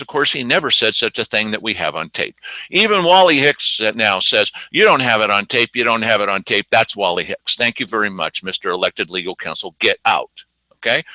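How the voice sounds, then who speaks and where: A man's voice: medium pitch, sharp tone, no echo, poor audio. A man hosting an opinionated news commentary, indignant and sarcastic, mocking the people he quotes. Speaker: news show host.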